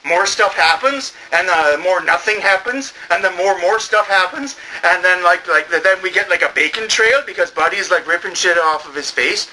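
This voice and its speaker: A man playing a manic bum movie reviewer who rambles in a comedic review, full of fillers, and sometimes bursts into shouting. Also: high-pitched, normal speed, hardly any pauses, slight background noise, low-quality recording. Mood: rambling.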